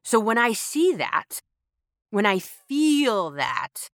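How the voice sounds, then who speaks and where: A woman's voice: on the high side, big pitch swings, dry recording, clean studio sound. A woman hosting a podcast, talking through a reflective spiritual monologue with emphatic repetition. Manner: slow, emphatic, repeats phrases for effect. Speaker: podcast host.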